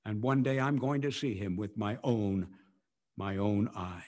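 Slow, dramatic male preacher. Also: fairly low pitch. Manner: dramatic swings from hushed to loud, acting out quotes. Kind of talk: sermon.

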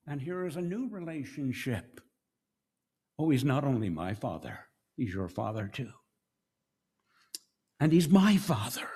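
Middle-aged guy preaching, slow and drawn out, soft then loud. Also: medium pitch, very animated, breathy edge. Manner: slow, with dramatic swings between soft and loud. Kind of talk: sermon.

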